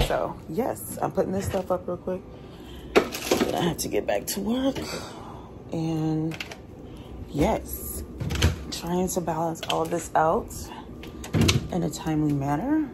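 A young woman vlogging at home in her kitchen, chatting loosely to camera with lots of "like" and sounding worn out. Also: low voice. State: tired, drained. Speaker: vlogger, single mom working from home. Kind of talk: casual vlog chat to camera. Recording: noisy home ambience.

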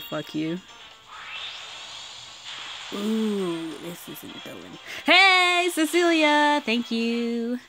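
Foul-mouthed excitable woman gamer. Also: low voice. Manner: excitable, swears freely, swings from squealing to muttering. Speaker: mobile game summoning vlogger. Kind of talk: casual gaming commentary.

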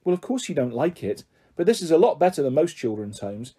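A man's voice: a little high, sing-song, fairly quick, mellow, breathy edge. A man reading aloud and voicing a bold, cheeky ten-year-old girl who lives in care, with a bossy, brash manner. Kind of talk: storybook character reading.

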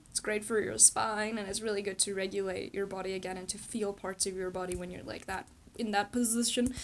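Young woman, wellness vlogger, slightly high voice, candid and rambling, casual storytelling. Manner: candid, rambling, many fillers and restarts.

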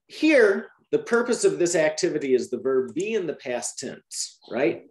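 A man's voice: on the high side, measured pace, reverberant. A man explaining teaching methods to trainee teachers in a Q&A, often checking with "right?". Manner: lively, repeats "right?" to check understanding.

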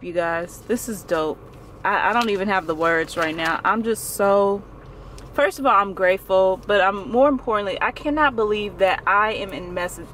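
A young woman vlogging from her car, gasping and exclaiming as she talks quickly and excitedly. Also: medium pitch, a little hiss or hum. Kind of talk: excited casual vlog. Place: in a parked car. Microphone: phone camera held close.

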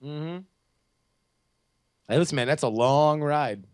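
A man's voice: a little high, slow, smooth. A man co-hosting a podcast, chatting casually about TV shows with many restarts and fillers. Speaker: podcast co-host. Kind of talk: casual chat.

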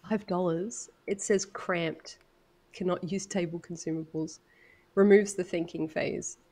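A woman's voice: lowish voice, steady tone, unhurried, mellow. An Australian woman chatting while gaming, her voice nasal from a sinus problem, reading game text aloud. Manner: laughs often, reads game text aloud. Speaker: co-player. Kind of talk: casual chat while gaming.

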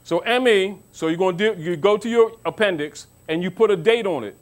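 High-voiced man lecturing, preachy. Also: fairly quick. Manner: preachy, rhetorical questions, mocking asides; calls listeners baby. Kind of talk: informal lecture to an audience.

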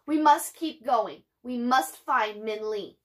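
A woman voicing a worried, determined mother who speaks in a forceful, insistent way. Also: sits high, lively intonation, a little slow, pitched above the performer's own voice. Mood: fierce.

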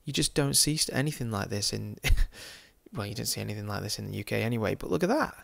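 A man's voice: fairly low pitch, animated, fast talker, gravelly, fairly bright tone. An Englishman giving casual, amused commentary as he tours a city virtually, chatting and laughing often with jokey asides. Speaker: football game YouTuber. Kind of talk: casual commentary over a virtual street tour.

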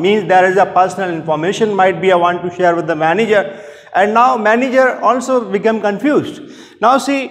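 Brief: high-pitched man, teacher paraphrasing a text, reverberant classroom. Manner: reads lines from the text, then paraphrases them with frequent fillers. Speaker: college English teacher. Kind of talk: classroom lecture explaining a story.

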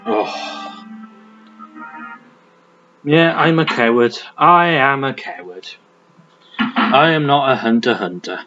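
Game music runs beneath a dull lo-fi recording as a man gives crude, joking let's play commentary and addresses the game's character directly. He is a gaming commentator with a medium-pitched voice and lively intonation, speaking slowly with long pauses.

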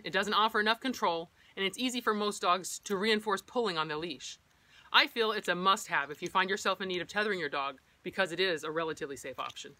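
A middle-aged woman who trains service dogs explains equipment in an instructional vlog, speaking in a practical, personal style. Her voice is medium in pitch, pushed, and bright.

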